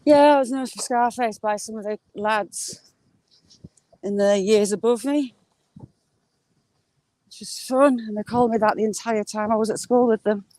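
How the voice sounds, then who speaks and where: Walking outdoors through rural fields, this northern English vlogger chats on a live-stream, rambling casually and replying to viewers' comments. She's middle-aged with a blended Yorkshire, Geordie and Cumbrian accent, and her dark-toned voice is a little high, moderately paced, with frequent pauses. The recording is dry.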